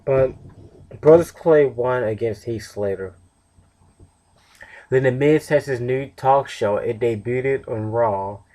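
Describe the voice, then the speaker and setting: A man's voice: medium pitch, slow pace, long pauses, mellow. A tired young man casually reviewing a wrestling show on his own, rambling with fillers and self-corrections. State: tired, yawning.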